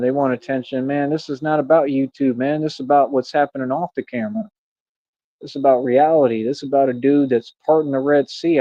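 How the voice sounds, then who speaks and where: In dull, dry lo-fi stream audio without any room sound, a young man with a mellow, higher voice rambles casually. He gets preachy and repetitive, addressing the listener as "bro" and "man."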